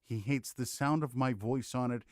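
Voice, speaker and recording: With a medium-pitched voice at normal speed, a man runs a casual mic-review tech demo, talking right into a studio condenser microphone. Lively, joking asides pepper his delivery, and there's no echo.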